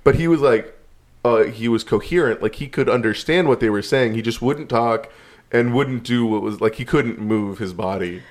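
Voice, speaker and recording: A man's voice: mid-range voice, moderate pace. A man telling a story in casual chat, rambling and laid-back, swearing now and then.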